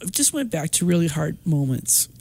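Middle-aged woman, gravelly edge, emotional storyteller who laughs through tears. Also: low voice, normal speed, no echo. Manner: tearful, laughs often, quotes others in lively voices. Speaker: guest sharing her experience.

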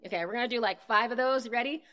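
A woman leading a live group breathing workshop, talking casually and encouragingly and counting the breaths out loud. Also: on the high side, quick pace. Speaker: breathwork instructor.

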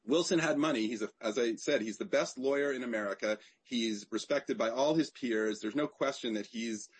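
Male author guest, husky voice, animated storyteller who restarts his phrases. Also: mid-range voice, moderate pace. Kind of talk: conversational interview.

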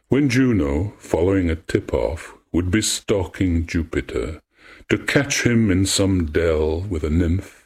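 A man reading an old myth aloud as storyteller, in a measured, poetic way. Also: sits low, breathy edge.

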